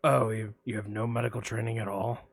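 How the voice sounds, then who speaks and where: A man voicing a creepy, secretive male caller who speaks low and hushed, in a podcast reenactment of a phone call. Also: flat delivery, fairly quick, gravelly, no room sound. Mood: insinuating.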